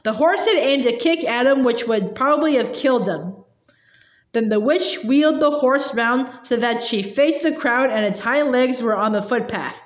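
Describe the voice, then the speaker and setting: High-pitched woman reading a kids novel, lively, echoey room. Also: moderate pace. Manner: lively, voicing characters. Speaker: audiobook reader. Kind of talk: reading a children's novel aloud.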